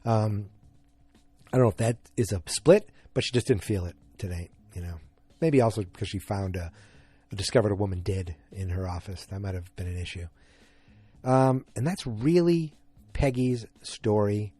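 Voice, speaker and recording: Male podcast host, casual recap, halting and rambling delivery, dry close sound. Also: on the low side, dark tone, husky, no echo. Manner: rambling, halting, many fillers and restarts.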